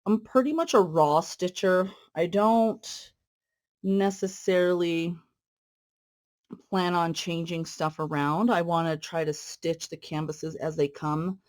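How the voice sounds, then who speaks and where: A woman talks casually to her viewers while she works on a cross-stitch piece. Her talk is friendly and rambling, full of fillers and asides. Now and then she pauses mid-thought as she threads and pulls stitches. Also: sits low, darkish tone. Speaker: cross-stitch video host. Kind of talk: casual stitch-along chat.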